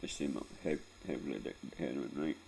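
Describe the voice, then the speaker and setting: Scottish guy, 40s, super low croaky voice, sweary rambling vlog story, keeps saying right?, choked up, faint hiss behind. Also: steady tone, fast, darkish tone. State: emotional, close to tears. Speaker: vlogger. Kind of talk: personal storytelling.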